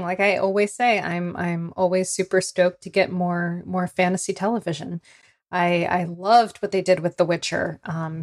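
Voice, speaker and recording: Upbeat woman co-hosting a podcast. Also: fairly low pitch. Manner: upbeat and enthusiastic, with small stumbles. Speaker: podcast co-host. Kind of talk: casual chat.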